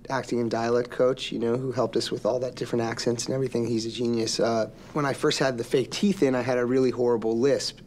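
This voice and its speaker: A man in an interview telling stories about his work, with a voice of middle pitch. He speaks easily, with plenty of ums and short pauses, over a faint room hum. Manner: relaxed storytelling with frequent ums. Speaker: actor guest. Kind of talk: interview anecdotes.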